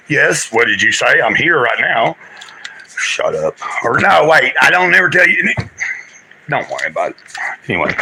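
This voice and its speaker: Gravelly, sharp-voiced man rambling on a livestream. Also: fairly high pitch, a little hiss or hum, rough recording. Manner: rambling, chatty, talks straight to viewers. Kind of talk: casual livestream chat.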